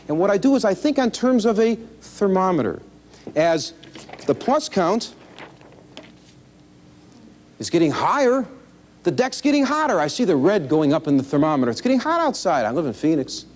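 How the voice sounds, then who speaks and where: A man with a notably high-pitched voice teaches card counting in a folksy, animated way. He mixes plain step-by-step instruction with self-deprecating jokes, and the sound comes off an old 1980s instructional tape. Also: moderate pace, long pauses. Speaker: blackjack instructor. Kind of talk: instructional video talk.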